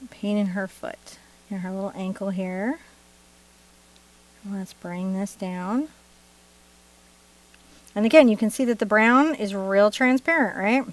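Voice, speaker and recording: A middle-aged art instructor leads a live-streamed painting tutorial, chatting playfully and laughing and joking between steps. Her mid-range voice keeps a fairly even intonation, and she talks slowly with frequent pauses.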